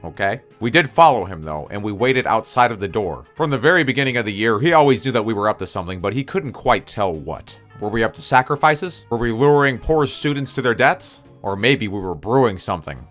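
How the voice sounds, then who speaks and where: A young man tells a story from his own life in a loose, profane way and keeps joking with mock-spooky asides. His voice sits on the low side, with faint music playing beneath him. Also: expressive, brisk, few pauses, fairly bright tone. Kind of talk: casual story time.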